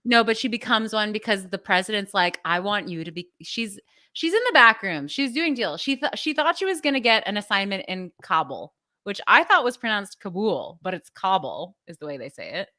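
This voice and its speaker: Bright-voiced chatty woman podcaster. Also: mid-range voice, very animated, fairly quick, no room sound, clean studio sound. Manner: chatty, giggly, rambling recaps. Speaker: podcast co-host. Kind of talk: casual chat.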